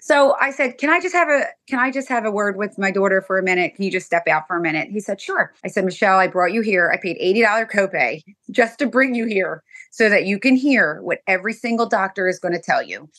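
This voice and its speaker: A middle-aged woman, a guest mother, telling an emotional personal story with animated storytelling and acted-out dialogue. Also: mid-range voice, quick pace, few pauses.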